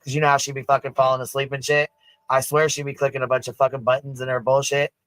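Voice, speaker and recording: A man's voice: mid-range voice, level tone, fast, fairly bright tone, no room sound, low-quality recording. A man streaming live, talking casually, swearing constantly and laughing through his words.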